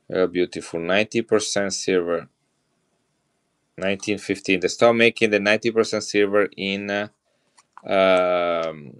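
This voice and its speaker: Low-pitched and gravelly, the voice belongs to a middle-aged Italian-accented man who displays and sells coins during a casual live stream for his viewers.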